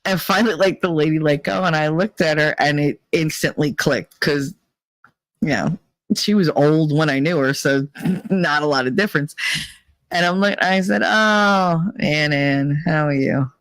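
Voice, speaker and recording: A woman hosting a casual storytelling monologue, blunt and profane, with Italian-American family roots, who acts out other people's voices in high squeals. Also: unhurried, no room sound. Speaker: podcast host.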